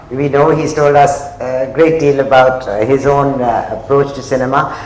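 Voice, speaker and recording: A man with an Indian accent moderates a film festival panel, summing up and inviting a guest to speak in a measured way. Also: a little high. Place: festival hall. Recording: roomy hall.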